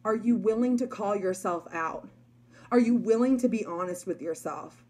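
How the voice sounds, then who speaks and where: A woman's voice: medium pitch, normal speed, warm tone. Woman, young adult, emphatic, chatty, motivational talk. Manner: chatty, emphatic, many likes and you guys. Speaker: network marketer.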